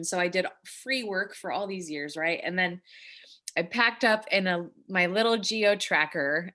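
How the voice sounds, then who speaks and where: Bright, effusive woman hosting a call. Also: mid-range voice. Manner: effusive, grateful, rambling with restarts. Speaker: breathwork facilitator hosting a live online session. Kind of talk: emotional casual chat with participants. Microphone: video call.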